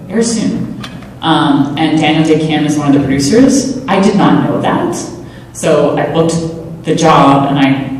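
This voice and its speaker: Low, chatty woman guest, self-deprecating, heard from afar in a long-echo hall. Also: a little mellow, a little hiss or hum. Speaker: panel guest. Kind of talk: convention Q&A answers. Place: large convention hall. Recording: echoey hall, voice from far off.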